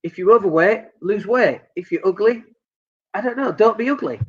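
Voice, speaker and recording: A man's voice: high-pitched, moderate pace, slightly rough, lo-fi sound. A Northern English man giving blunt, joking business advice during a live stream. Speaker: business coach.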